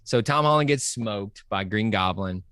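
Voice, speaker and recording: Excitable man, slightly low voice. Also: clean tone, no echo, clean studio sound. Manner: excited, fast-running enthusiasm with many fillers. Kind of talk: casual podcast chat.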